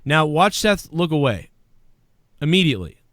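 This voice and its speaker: A man hosting a podcast, ranting in a profane, animated way and mimicking people as he talks. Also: fairly high pitch, normal speed. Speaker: podcast host.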